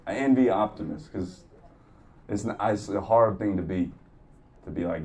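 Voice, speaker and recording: A man performing a stand-up comedy set, telling stories in a profane, animated way and acting out the people in them. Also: on the low side, moderate pace, pauses often. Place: comedy club stage before a laughing crowd. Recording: distant mic, audible room noise.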